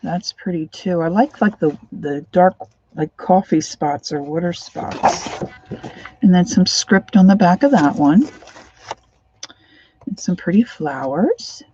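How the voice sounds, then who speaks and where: A woman casually chatting through a craft livestream from her home craft room, rambling and sometimes dropping into soft whispered asides. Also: fairly low pitch, animated, slow pace, slightly rough, highs cut off.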